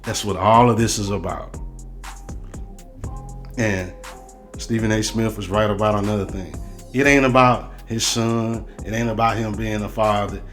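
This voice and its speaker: A man's voice: fairly low pitch, steady tone, moderate pace, long pauses, a bit bright, soft background music. A man hosting a sports show, ranting in a heated, profane, repetitive way. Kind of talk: sports commentary rant.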